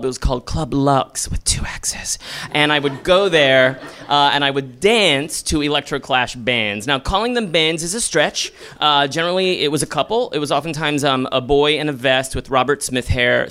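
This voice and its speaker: A man's voice: mid-range voice, normal speed, a bit bright. A man from Texas telling a comic, self-mocking personal story live on stage before an audience, with many ums and likes.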